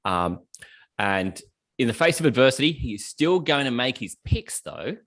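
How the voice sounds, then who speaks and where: A man's voice: medium pitch, sing-song, normal speed, fairly bright tone. An Australian man hosting a podcast, chatting casually through the show intro and sometimes correcting himself. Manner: chatty, rambling, self-correcting. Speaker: podcast host.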